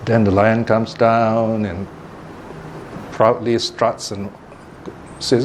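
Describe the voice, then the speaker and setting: A man giving a dharma talk, telling a parable in a lively, animated way and often laughing. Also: lowish voice, slow pace, a little hiss or hum. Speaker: Buddhist teacher.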